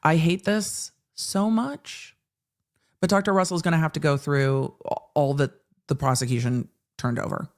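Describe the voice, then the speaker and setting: A woman's voice: low-pitched, normal speed. A woman hosting a live legal commentary stream, ranting with swearing and acting out courtroom exchanges. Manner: animated ranting with profanity and acted asides. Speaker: host.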